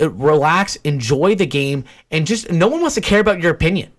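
A man's voice: on the high side, expressive, a little fast. A young man co-hosting a sports podcast, ranting in an exasperated way about rude fans in casual chat.

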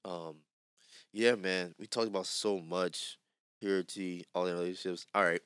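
A man's voice: deep voice, steady tone, moderate pace, fairly bright tone, clean tone, no room sound, studio quality. A young man with a Louisiana accent hosting a podcast, chatting casually and joking, with lots of fillers. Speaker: podcast host. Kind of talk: casual chat.

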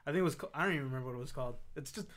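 A man in casual chat, laid-back and quick to agree. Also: medium pitch, a bit bright.

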